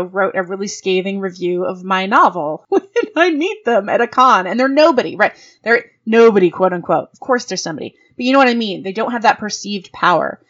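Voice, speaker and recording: A woman in her forties hosting her own podcast, telling stories in a frank, profane, animated way and swinging her voice up high for the reactions she quotes. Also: dull audio. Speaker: podcast host. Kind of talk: casual monologue podcast.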